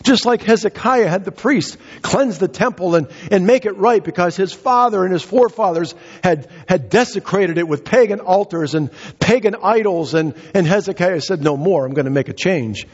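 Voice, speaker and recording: A man's voice: high voice, moderate pace, few pauses, husky. A male pastor giving a sermon and praying, talking earnestly with frequent restarts and fillers. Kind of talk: sermon with prayer. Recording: dull lo-fi church recording with long reverb.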